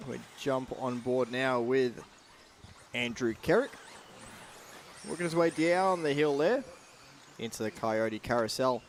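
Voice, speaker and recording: A man's voice: mid-range voice, unhurried, pauses often, slight background noise. An Australian man giving live race commentary at a radio-controlled car event, upbeat and reeling off driver names.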